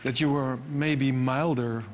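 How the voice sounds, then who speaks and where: A man interviewing a guest, asking measured, halting questions with restarts. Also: medium pitch, steady tone.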